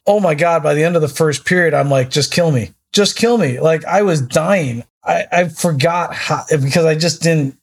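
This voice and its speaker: A man's voice: on the high side, moderate pace, gravelly, few pauses. A man chatting casually, rambling and restarting as he tells sports stories. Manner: rambling storyteller, many restarts. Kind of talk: casual chat.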